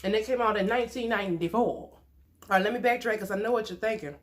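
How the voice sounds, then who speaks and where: A woman's voice: mid-range voice, fast talker. A woman, chatting playfully and laughing often as she eats on camera for her mukbang vlog. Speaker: mukbang vlogger. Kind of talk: casual chat while eating.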